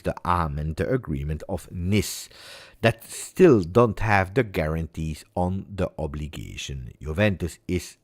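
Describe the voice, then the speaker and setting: A man hosting a football chat show, talking in an animated, rambling way and often repeating himself. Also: low-pitched, no echo, clean studio sound. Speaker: football channel host. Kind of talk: casual chat.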